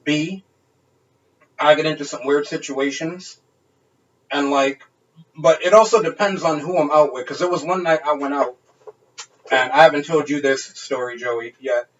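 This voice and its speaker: Dude telling a crazy bar story, lots of laughing and cussing, kinda high voice, muffled far-off mic. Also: male voice, normal speed, long pauses. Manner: animated, profane, laughing storyteller. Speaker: podcast co-host. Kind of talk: casual storytelling chat.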